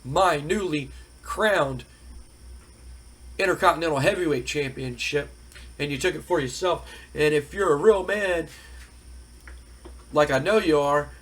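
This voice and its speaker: A man's voice: on the high side, a bit bright. A man playing an indignant male wrestler who demands a rematch. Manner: indignant, challenging.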